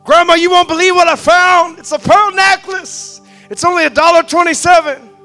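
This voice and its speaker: A man's voice: very high voice, moderate pace, fairly bright tone, faint music behind, voice pushed up. A man voicing a pleading five-year-old girl who stammers and begs, in a sermon story. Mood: eager. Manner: stammering, begging.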